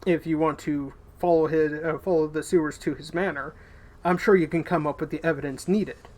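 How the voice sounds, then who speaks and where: A man's voice: on the high side, steady tone, fairly quick, lightly acted. A man voicing a weary male knight who hunts cultists, talking in an earnest, apologetic way.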